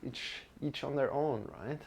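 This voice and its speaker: Slow, gravelly-voiced male yoga teacher. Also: medium pitch, a little mellow. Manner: unhurried, reflective, greets viewers by name. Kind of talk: live-streamed yoga class talk.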